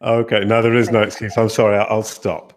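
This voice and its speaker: A man's voice: lowish voice, little pitch movement, brisk. A man hosting a webinar over a video call, chatty and self-deprecating, often restarting his sentences. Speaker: webinar host. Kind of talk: casual webinar moderating.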